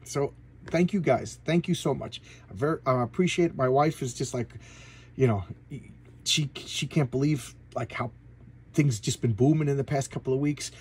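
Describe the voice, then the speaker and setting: Guy rambling excitedly about old comics, kinda husky, stumbles over words. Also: medium pitch, moderate pace. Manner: excitable, gushing, repeats words. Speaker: comic book channel host. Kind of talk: casual comic book review.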